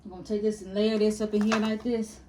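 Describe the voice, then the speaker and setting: A woman's voice: medium pitch, little pitch movement, fast talker, background noise. A woman, chatting casually to her viewers as she cooks in her home kitchen and calls them y'all and baby. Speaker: cooking vlogger. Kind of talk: casual cooking tutorial.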